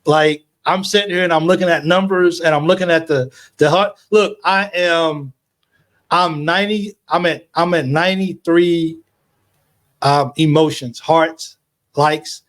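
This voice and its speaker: A man hosting a late-night fan live stream from home, talking in a fairly high voice. He rambles through fillers and halting restarts. He sounds emotional, close to tears. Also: steady tone, a bit bright. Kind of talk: casual live-stream chat.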